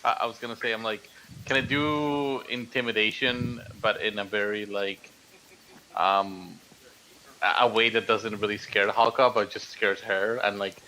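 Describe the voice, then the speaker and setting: A man's voice: on the low side, fairly even intonation, moderate pace, bright, forceful tone, rough recording. A man playing a tabletop game, talking casually with stammering restarts. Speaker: player.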